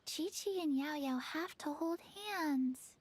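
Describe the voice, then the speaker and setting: A woman voicing a small, pale undead girl who speaks slowly and flatly in simple, childlike phrases, in a video game. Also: sits high. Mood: deadpan.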